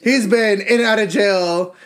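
A young man co-hosting a podcast, telling profane, animated gossip stories and mocking other people's voices. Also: high voice, a little slow. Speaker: podcast co-host. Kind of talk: casual gossip chat.

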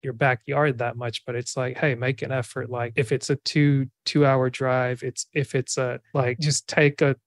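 A podcast host, a man, sharing an anecdote in a relaxed, casual chat. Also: mid-range voice, measured pace, hardly any pauses, no echo. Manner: relaxed, lots of "like" fillers.

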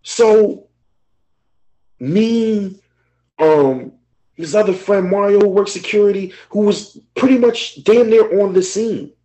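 A man's voice: high-pitched, takes it slowly, dark tone, low-quality recording. Man talking candidly about grief. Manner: emotional, candid, swears freely. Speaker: podcast co-host. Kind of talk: casual chat.

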